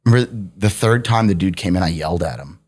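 Man, low-pitched, casual storyteller, profane, laughs a lot. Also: fast talker. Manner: profane, laughing, animated anecdotes. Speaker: podcast guest storyteller.

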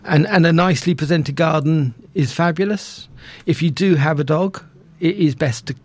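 A man's voice: fairly high pitch, moderate pace. A man, a guest on a radio interview, who talks in a self-deprecating way and often restarts his sentences. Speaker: interview guest, estate agent.

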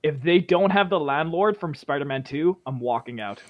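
A man with a slightly high voice chats casually on a podcast, chiming in quickly. His mic sounds dull and lo-fi, a little muffled. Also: animated. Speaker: podcast co-host. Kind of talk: casual film chat.

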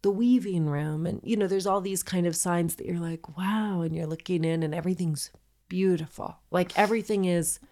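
A woman in her thirties co-hosts a podcast, telling a story casually, swearing freely and acting out the people she quotes. Her voice is fairly low and dark, brisk, with fairly even intonation.

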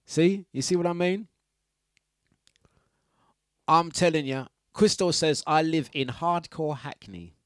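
A man's voice: a little high, slow, long pauses, clear, resonant tone, dry recording, studio quality. A man hosting a radio breakfast show, chatting playfully with listeners, laughing often and sing-songing his announcements. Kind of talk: casual radio chat. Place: radio studio. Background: faint music.

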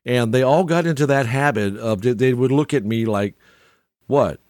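A man's voice: medium pitch, fairly quick, a little mellow, no echo, clean studio sound. An older man telling stories in a casual, rambling monologue, chuckling often and restarting his sentences. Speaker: storyteller.

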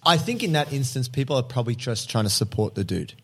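A man's voice: medium pitch, lively intonation, fast, fairly bright tone, husky. Blunt, slangy man chatting. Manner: blunt, slangy, swears freely. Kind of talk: casual chat.

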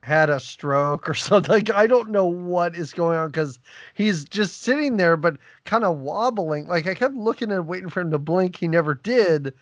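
A podcast host chatting casually about a film, with relaxed, quick asides. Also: mid-range voice, dry recording, muffled recording. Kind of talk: casual chat.

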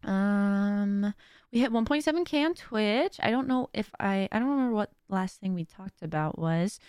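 A woman's voice: medium pitch, animated, moderate pace, a little mellow, clear, resonant tone, dry recording, studio quality. A young adult woman hosting her own podcast in casual chat, talkative and rambling with joking asides. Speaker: podcast host.

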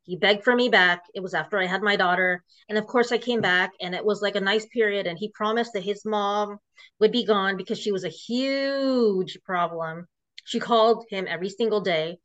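A woman's voice: mid-range voice, moderate pace, a bit bright. A woman guest telling her own story in an emotional, rambling way, full of restarts. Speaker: interview guest. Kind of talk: personal storytelling. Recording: dull lo-fi audio.

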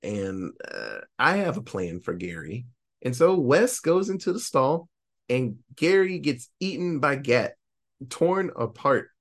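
A man's voice: mid-range voice, slow, creaky. A man hosting a podcast, casually recapping a horror film and acting out the characters' lines. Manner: animated storytelling, acting out quoted lines. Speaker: podcast host.

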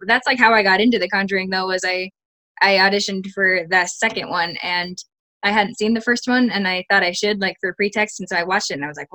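A woman's voice: mid-range voice, pushed and bright, no room sound. A young woman, an actress, chatting casually in an interview, full of "like" and restarts. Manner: chatty, many fillers and restarts. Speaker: actress guest.

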